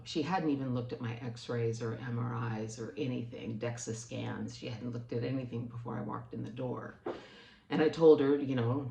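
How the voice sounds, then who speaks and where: Low-voiced woman telling her story, roomy echo. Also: a little mellow. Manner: earnest, emotional storytelling, rising in pitch as she grows upset. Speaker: vlogger. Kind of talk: personal story to camera.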